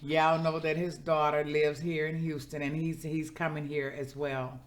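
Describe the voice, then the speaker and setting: A woman's voice: low voice, little pitch movement, normal speed. A woman chatting casually to her viewers in an eating vlog, heartfelt and preacherly when she prays. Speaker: vlogger.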